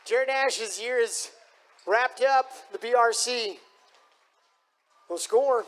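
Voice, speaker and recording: A man announcing a live bull riding event in an arena, booming and hyping up the crowd. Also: takes it slowly, fairly bright tone. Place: rodeo arena.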